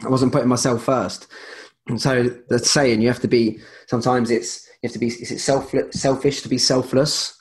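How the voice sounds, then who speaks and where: A man's voice: mid-range voice, fairly even intonation, normal speed. A man speaking as a guest in a casual interview, rambling with many restarts and fillers.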